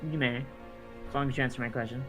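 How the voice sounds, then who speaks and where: A man's voice: medium pitch, level tone, fairly quick, over music. A man narrating as dungeon master, talking loosely with many fillers and restarts. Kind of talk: narrating a tabletop game.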